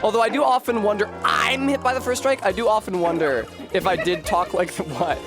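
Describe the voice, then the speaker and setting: A man's high voice runs a little fast over music as he chats casually during a gaming stream. Articulate and wordy, he speaks with a Rhode Island accent. He often turns the joke on himself.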